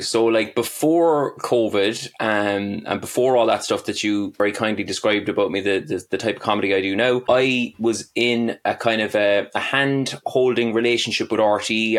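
Chatty Cork Irishman, rambling storyteller. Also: fairly low pitch. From Ireland. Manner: rambling, self-deprecating, lots of "like". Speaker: guest comedian. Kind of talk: casual interview chat.

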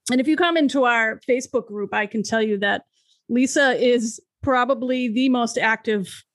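A woman's voice: fairly high pitch, normal speed, no echo. A woman hosting a business podcast, upbeat and bantering as she wraps up the episode. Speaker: podcast host. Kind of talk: casual podcast chat.

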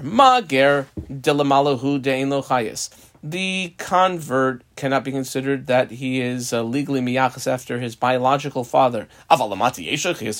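Man teaching a Talmud page. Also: medium pitch. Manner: reads Aramaic phrases then explains in English, with fillers. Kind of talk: Talmud lesson reading and translating text.

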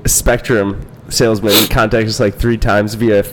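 A man's voice: on the low side, little pitch movement, a little slow, noisy background. A man co-hosting a casual chat, joking and playing off the others. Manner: joking, playful suggestions.

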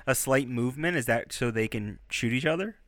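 Bright, animated man in casual chat. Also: mid-range voice, brisk, no echo. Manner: animated, exaggerated outbursts of mock outrage. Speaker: podcast co-host.

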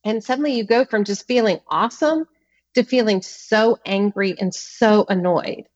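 A woman's voice: mid-range voice, moderate pace, darkish tone, highs cut off. A woman author as a podcast guest, speaking earnestly and with emphasis, repeating words to stress a point. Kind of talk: podcast interview conversation.

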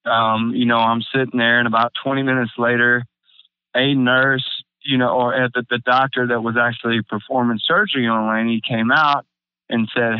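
A young adult man tells a hard personal story in a halting, emotional way, with many fillers and restarts, close to tears. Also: medium pitch, level tone, clear, resonant tone, no room sound. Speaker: guest. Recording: phone-like narrow band, dry.

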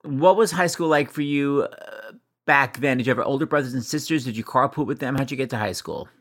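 A man hosting a podcast, chatting with quick comic asides and a gossipy, animated delivery. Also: mid-range voice, no room sound, clean studio sound. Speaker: podcast host. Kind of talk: chatty podcast monologue and interview.

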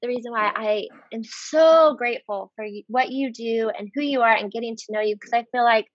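As a podcast guest, a woman in her thirties talks briskly about her faith in a casual, earnest and heartfelt way, using "like" over and over. Her voice is slightly high, and the dull, lo-fi recording is dry with no room echo.

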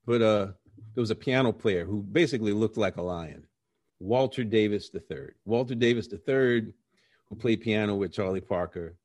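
Low-voiced middle-aged man telling stories. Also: normal speed, no room sound. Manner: animated storyteller who acts out quoted voices. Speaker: interview guest, jazz musician. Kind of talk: storytelling in a conversational interview.

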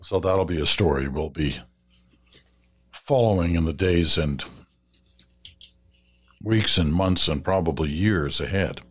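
A man hosting a listener feedback segment on radio, talking in a measured, advising way with some fillers and restarts. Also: sits low. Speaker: radio host reading listener letters. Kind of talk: conversational radio commentary.

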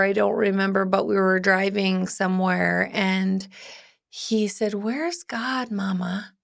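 Woman in her forties, podcast host, earnest, encouraging, slightly gravelly voice. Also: medium pitch. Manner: earnest and encouraging, with fillers and restarts. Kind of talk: casual heartfelt podcast talk.

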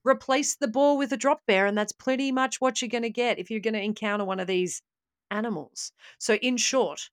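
A woman's voice: fairly high pitch, fairly quick, dry recording, studio quality. An Australian woman co-hosting a comedy podcast, telling a legend in a mock-serious, tongue-in-cheek way. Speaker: podcast co-host. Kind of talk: comic podcast storytelling.

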